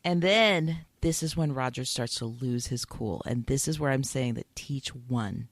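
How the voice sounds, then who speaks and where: Animated, emotional podcast co-host. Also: medium pitch, unhurried, dry recording. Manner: emotional, animated retelling of scenes. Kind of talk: casual chat about a TV episode.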